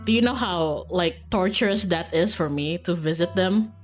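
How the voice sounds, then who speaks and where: A woman's voice: fairly low pitch, moderate pace, soft background music. A young woman streaming a game, chatting casually and rambling, often laughing. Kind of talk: casual live-stream chat while gaming.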